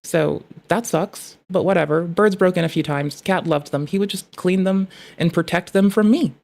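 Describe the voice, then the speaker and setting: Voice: medium pitch, moderate pace, vocal fry. A young adult streamer ranting in casual chat, swearing often and rambling about pet training. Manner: profane, rambling, animated.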